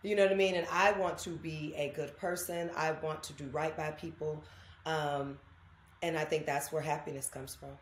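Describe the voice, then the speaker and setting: Animated lower-voiced woman. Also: normal speed, a little hiss or hum. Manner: animated storyteller, acts out quoted voices. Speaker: guest. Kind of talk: casual interview chat. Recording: echoey room.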